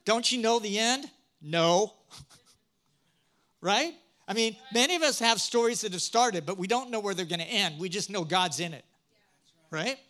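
A man preaching a sermon, humorous and animated, asking the congregation questions. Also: high-pitched, unhurried, pauses often. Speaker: pastor.

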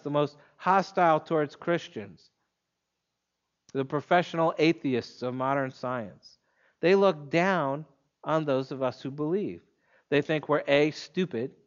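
A man preaching an expository sermon in a measured, emphatic way, leaning on pointed pauses. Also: fairly high pitch, highs cut off.

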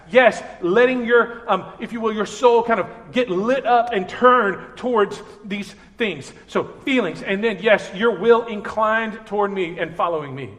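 A man preaching a sermon as pastor, earnest and animated, acting out everyday voices. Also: high-pitched. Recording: reverberant hall.

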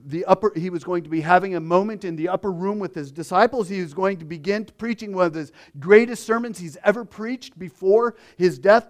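Male preacher, high voice, slow delivery, dramatic hush-to-loud swings. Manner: acts out crowd voices. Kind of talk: sermon.

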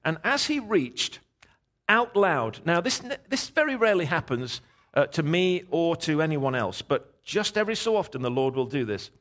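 A middle-aged man preaching as a guest, telling a story in a lively, animated way and voicing the people in it. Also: a little high, moderate pace. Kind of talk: sermon storytelling.

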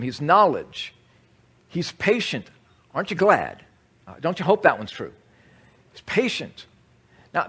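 A man's voice: fairly high pitch, fairly bright tone, slightly rough. A man preaching a conversational sermon, teaching with asides to the audience. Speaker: pastor.

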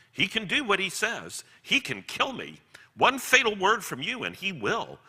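A man's voice: medium pitch, sharp tone, breathy edge, big-room sound, exaggerated voice. A man voicing a sly, pleading male lizard demon that coaxes and slips into whispers. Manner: coaxing, slipping into whispers.

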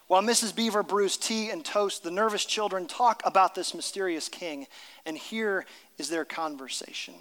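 A man's voice: sits high, moderate pace, a bit bright, long reverb tail, rough recording. A middle-aged man preaching a sermon, speaking emphatically and sometimes reading aloud from a book. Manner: emphatic, reads story aloud with character voices. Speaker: pastor.

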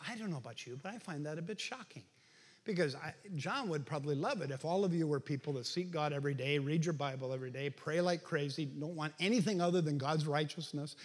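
Male pastor, middle-aged, slightly high and husky, chatty sermon with loud peaks, long hall echo. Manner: conversational, rises to shouting for emphasis. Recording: reverberant hall.

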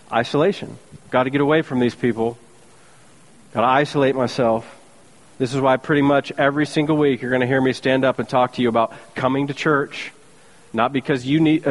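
A man preaching a sermon as pastor, telling the story with sarcastic humor and acting out the characters' voices. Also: medium pitch. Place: church sanctuary. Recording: long reverb of a large hall.

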